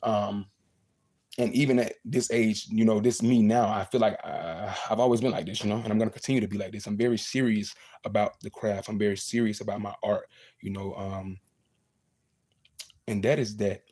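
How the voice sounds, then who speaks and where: A young man speaks to his fans on a livestream through a phone or webcam mic. His voice sits a little low and sounds warm and mellow. He talks in an earnest, motivational way, often repeating lines for emphasis. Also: fairly even intonation, normal speed. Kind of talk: casual livestream talk to fans.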